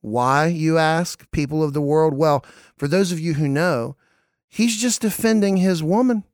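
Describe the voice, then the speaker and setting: Man, podcast host, casual movie chat, a bit high-pitched, smooth clear voice, dry close sound. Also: a little slow, dry recording. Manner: excitable, laughs often, stumbles and repeats words.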